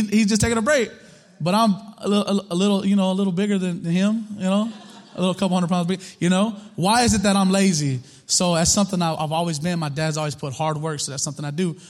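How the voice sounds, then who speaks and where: A man preaching a sermon in a casual, conversational way, full of rhetorical questions and repetition. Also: a little high. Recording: long reverb of a hall.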